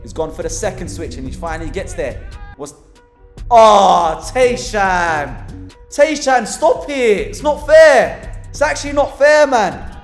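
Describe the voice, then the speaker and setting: Give me a high-pitched man, a team manager, excitedly commentating over match footage with faint music behind. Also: unhurried. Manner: excitable, teasing, laughs at his players.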